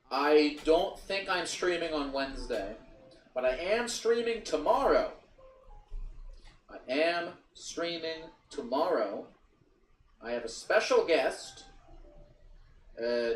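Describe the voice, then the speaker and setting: Rambling man in an echoey room. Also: medium pitch. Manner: rambling, repeats himself, swears. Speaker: streamer and podcast guest. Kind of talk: casual chat. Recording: echoey room from far off, faint noise.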